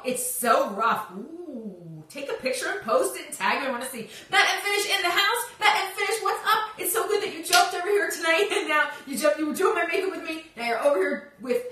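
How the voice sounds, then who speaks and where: Bubbly high-voiced woman live-stream host. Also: pushed and bright, far from the mic, slight background noise. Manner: bubbly, sing-song, greets viewers by name. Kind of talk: casual live-stream chat with viewers. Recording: echoey room, voice off-mic.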